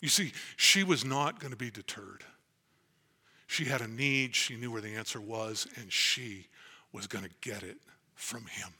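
Bright-voiced man preaching earnestly. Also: mid-range voice, measured pace, breathy edge. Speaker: pastor. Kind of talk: sermon.

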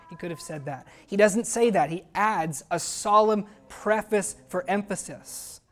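A man's voice: sits high, lively intonation, normal speed, hardly any pauses. A male pastor preaching earnestly to his congregation. He drives each point home with emphasis and regularly calls out questions to the listeners. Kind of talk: sermon.

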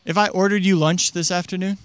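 A young pastor with a high-pitched voice and clean tone preaches a casual, conversational sermon a little fast, with fairly even intonation and no room sound. He's chatty, uses lots of fillers, and acts out quotes in character voices.

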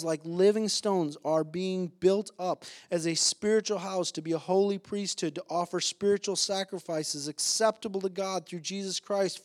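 A male pastor with a high-pitched voice delivering a sermon. He preaches with passion, climbing to emphatic peaks, and pauses on filler sounds between points. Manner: impassioned, rising to emphatic peaks, with frequent "uh" fillers.

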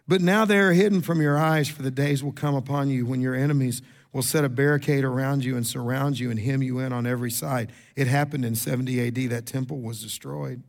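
A middle-aged male pastor, preaching in a mid-pitched voice. He talks to the congregation as if chatting, restarts phrases, and pushes his voice up for emphasis. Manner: conversational, repeats words, quick asides to the congregation; rises in pitch and volume for emphasis. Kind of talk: sermon.

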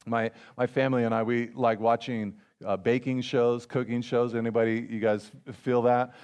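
A man preaching a sermon as a pastor, in a conversational way, mixing family stories with scripture and slowing down to stress key phrases. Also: mid-range voice, flat delivery, a little mellow, smooth.

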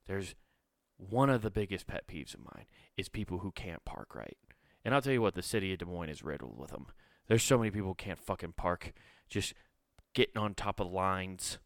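In a clean, dry studio recording, a man with a fairly bright, clean tone hosts his own podcast, ranting profanely. Now and then he switches to a high, sneering voice to make fun of others.

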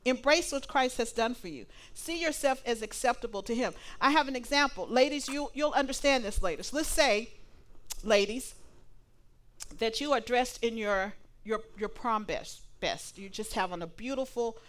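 A woman preaching a sermon to a live congregation, animated and playful, acting out little dialogues. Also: a little high, moderate pace. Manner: animated, laughing asides, acts out dialogue.

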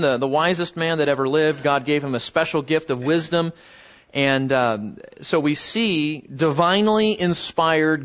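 A pastor preaching a sermon in a conversational way, with many fillers and repeated words, and sudden high jumps in pitch when he quotes someone. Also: a bit bright, highs cut off. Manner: voices biblical figures with sudden pitch jumps.

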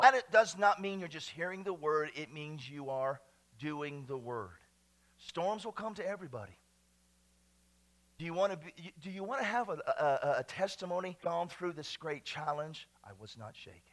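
A man preaching a sermon to his church, swinging from hushed, whispered lines to loud, shouted passages. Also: fairly high pitch, animated, moderate pace. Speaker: pastor. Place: church sanctuary.

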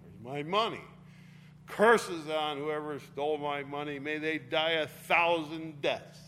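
A man's voice: fairly high pitch, slow pace, bright, forceful tone, in a large hall, slight background noise. A man voicing an angry old mother who rants curses on a thief and then gushes blessings. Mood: furious. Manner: ranting, repetitive curses then gushing blessings.

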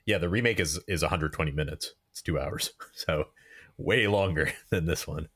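A man's voice: rumbling low, normal speed, fairly bright tone, slightly rough. A man co-hosting a casual film podcast, asking questions and hesitating as he looks for words. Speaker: podcast co-host.

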